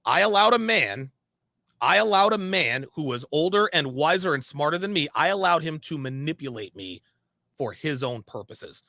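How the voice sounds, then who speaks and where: A man's voice: fairly high pitch, animated, normal speed, gravelly, bright, forceful tone, dry recording. A man speaking frankly in a monologue, repeating phrases for emphasis. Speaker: online commentator. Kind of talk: candid monologue.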